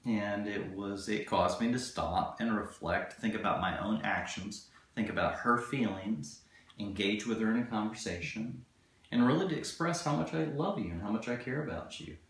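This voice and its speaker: A man giving relationship advice in a casual, earnest coaching tone, slowing down for key points. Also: fairly low pitch, fairly bright tone. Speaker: relationship video co-host. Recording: very echoey room.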